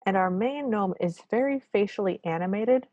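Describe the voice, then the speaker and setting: A woman's voice: mid-range voice, normal speed, a little mellow, no room sound, lo-fi sound. A woman co-hosting a podcast, recapping a cartoon in a wry, apologetic, casual way. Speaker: podcast co-host.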